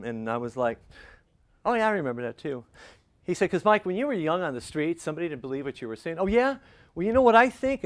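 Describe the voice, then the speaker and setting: An older man preaching a sermon, telling a personal story in a conversational, animated way and acting out the voices of the people in it. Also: a little high. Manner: conversational, animated, acts out quotes. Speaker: pastor.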